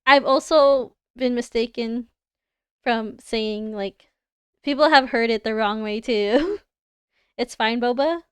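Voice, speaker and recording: Here a young woman streamer, Canadian-accented, giggles and chats easily while responding to viewers as she looks over design work. Her pitch is fairly high and her pace slow; the tone is clean and no room sound comes through.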